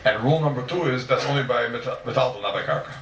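A man teaching a Talmud class speaks very fast in a medium-pitched, slightly bright voice with vocal fry. He emphatically repeats and restates his points and answers his own rhetorical questions. The mic is distant in an echoey room, with slight background noise.

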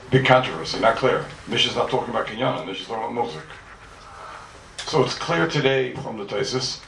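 Male Talmud lecturer, gravelly fry, fast, emphatic and repetitive; room echo, distant mic, faint hiss. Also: medium pitch. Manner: rhetorical questions, emphatic repeating of phrases. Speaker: Talmud teacher. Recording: echoey room, mic far off, faint noise.

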